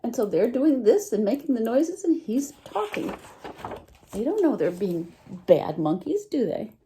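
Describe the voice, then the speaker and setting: A woman teacher reading a storybook aloud to young children, her voice warm and mellow. She swings her pitch up and down lively as she stops to ask the listeners questions. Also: a little slow. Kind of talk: picture-book read-aloud.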